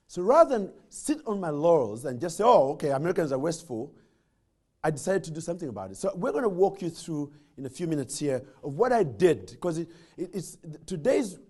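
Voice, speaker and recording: Male guest speaker, slightly high voice, lively storyteller who stumbles and restarts. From Uganda. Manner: animated storytelling with jokes and repeated restarts. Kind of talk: humorous motivational speech.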